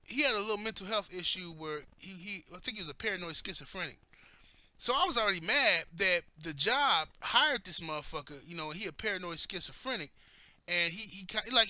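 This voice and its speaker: Male commentary host, high and very bright voice, heated profane rant style. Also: dry recording.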